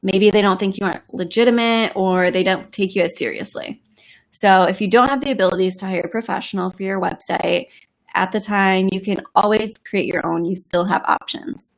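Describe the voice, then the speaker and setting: A woman's voice: mid-range voice, moderate pace. A woman on a live marketing webinar who gives advice in a casual, conversational way with fillers.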